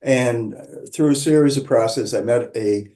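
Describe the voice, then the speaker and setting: A man calmly telling a personal story, measured and reflective, with pauses and restarts. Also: medium pitch. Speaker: qigong practitioner sharing his story.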